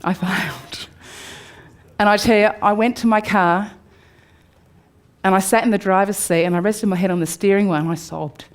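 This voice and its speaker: An Australian woman in her forties tells a candid personal story to a live audience. Her telling swings from upbeat to hushed. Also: medium pitch, steady tone, brisk. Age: 40s. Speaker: speaker. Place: room before a live audience.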